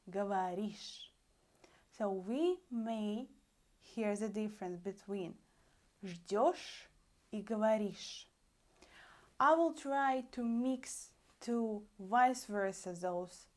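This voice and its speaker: A young woman with a Russian accent teaching a language lesson online, animated and often calling out to her dear friends. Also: mid-range voice. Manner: animated, repeats "dear friends", stretches out examples slowly.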